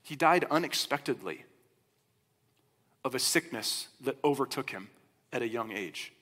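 Male pastor, sermon, chatty storytelling delivery, mid-pitched voice, reverberant church hall. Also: measured pace. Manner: conversational, animated storytelling. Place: church sanctuary.

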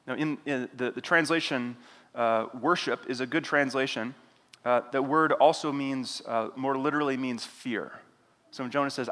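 Guy preaching a bible passage, bright voice, big echoey church hall. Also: a little high, brisk. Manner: animated retelling with voiced asides. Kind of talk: expository sermon. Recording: long hall reverb.

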